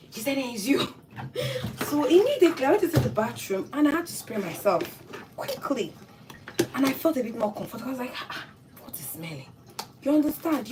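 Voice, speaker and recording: A woman with a Nigerian accent, tired, chatting earnestly while chopping vegetables in a casual cooking vlog. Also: mid-range voice. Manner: chatty, earnest, advice-giving, wordy and repetitive. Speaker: cooking vlogger. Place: home kitchen. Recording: distant mic, faint background noise.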